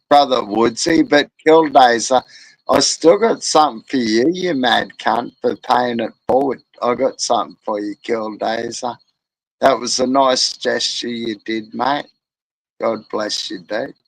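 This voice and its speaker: A man's voice: mid-range voice, no room sound, rough recording. A man with an Australian accent, co-hosting a livestream, reading the chat and greeting viewers with crude slang. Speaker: livestream co-host. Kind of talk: casual chat.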